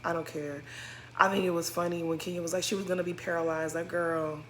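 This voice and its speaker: Sassy, exasperated young woman with a bright voice. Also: lowish voice, level tone, fast talker, a little hiss or hum. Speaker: reality TV recap commentator. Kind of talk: casual commentary.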